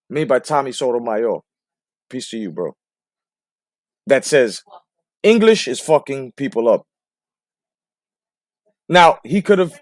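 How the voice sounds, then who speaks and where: Man, boxing show host, lively swinging pitch, swearing a lot, dry close sound. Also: no room sound. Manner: animated, swearing, rhetorical. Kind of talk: profane boxing commentary.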